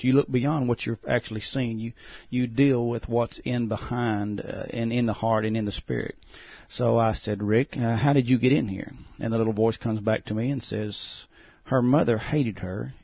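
A pastor telling a testimony as a guest on a talk show, halting and full of "uh" fillers. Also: male voice, medium pitch, creaky, slightly rough, no room sound. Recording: dull, muffled sound.

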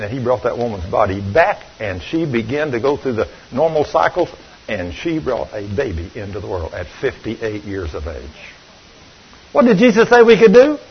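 An older man preaching a sermon, telling stories and swinging between loud and hushed. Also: medium pitch, a little hiss or hum. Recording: dull lo-fi recording.

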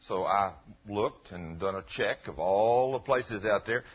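A man's voice: fairly low pitch, unhurried, slightly rough. A middle-aged male pastor preaching in a folksy, earnest, conversational way and quoting scripture, in a dull lo-fi recording. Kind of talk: conversational sermon.

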